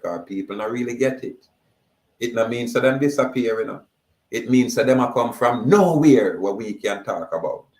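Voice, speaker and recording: Slow, echoey Jamaican man declaiming. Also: lowish voice. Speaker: speaker. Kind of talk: emphatic monologue.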